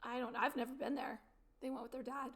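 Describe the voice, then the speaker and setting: A middle-aged woman hosts a morning show in a loose, chatty way, often breaking into laughter. Her voice sits high and carries a noticeable gravelly fry. She talks casually and easily. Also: flat delivery, fairly bright tone. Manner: chatty and giggly, quick to laugh. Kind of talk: casual chat.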